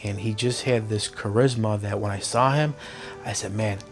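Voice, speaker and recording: Excitable man in his forties telling stories. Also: on the low side, normal speed. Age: 40s. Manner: excitable, emphatic, reenacts his own shouting. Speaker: interviewee, lifelong wrestling fan. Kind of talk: documentary interview storytelling. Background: background score music.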